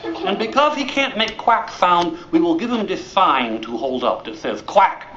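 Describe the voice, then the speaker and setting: A pompous, fussy duck doctor, played by a man gives mock-grave verdicts in broken English. His voice is high and swings widely. The recording is roomy and somewhat dull. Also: animated, unhurried, noisy background.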